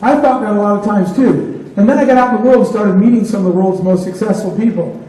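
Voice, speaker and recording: A man's voice: high-pitched, quick pace, warm tone, recorded from a distance. Man telling stories in an echoey hall. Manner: retells conversations in dialogue. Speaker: keynote speaker. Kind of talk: motivational storytelling talk.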